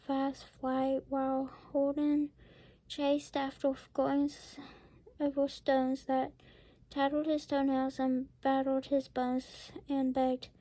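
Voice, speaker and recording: A woman's voice: sits high, monotone, slow, mellow, no echo. A woman reading a rhyming picture book aloud, with whispered asides. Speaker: storybook reader.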